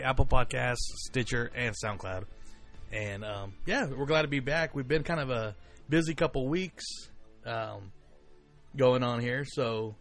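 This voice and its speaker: Brief: casual male co-host, loose and chatty, faint music bed. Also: medium pitch. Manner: rambling, joking, lots of fillers. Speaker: podcast co-host. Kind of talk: casual podcast chat.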